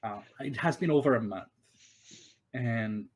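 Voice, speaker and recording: A man's voice: mid-range voice, a little slow, breathy edge. Hesitant man running a tabletop game. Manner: hesitant, many fillers and restarts. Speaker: game master. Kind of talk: narrating and voicing a tabletop game.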